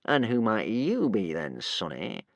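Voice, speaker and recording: A man's voice: on the low side, wildly swooping pitch, a little slow, dry recording. A slippery, theatrical charmer from a children's story, voiced by a man reading aloud. He talks with an oily, ingratiating politeness. The sound is dry and close. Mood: smarmy. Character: smooth, sly male con man, charming and theatrical.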